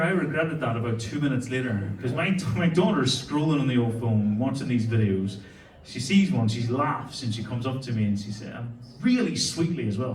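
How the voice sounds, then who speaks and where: A man's voice: medium pitch, far from the mic. An Irish man in his forties doing live stand-up, telling stories and bantering with the crowd in a brash, sweary way. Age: 40s. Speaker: stand-up comedian. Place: comedy venue stage. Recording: echoey hall, from afar, crowd laughter. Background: audience laughter.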